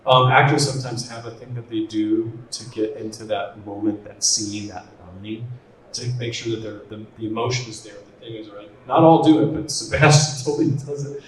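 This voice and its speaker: A man on a convention panel, casually telling animated, laughing stories about making a show and acting out what people said. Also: on the low side, a little fast. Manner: animated, laughing storyteller who acts out quotes. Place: large convention hall. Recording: echoey hall from far off with noise.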